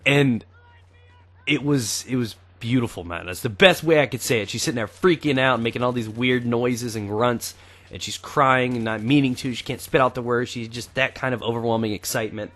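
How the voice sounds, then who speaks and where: A man's voice: mid-range voice, normal speed, a bit bright. A young man in his twenties talking casually over gameplay, chatty and crude, swearing freely. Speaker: gaming YouTuber.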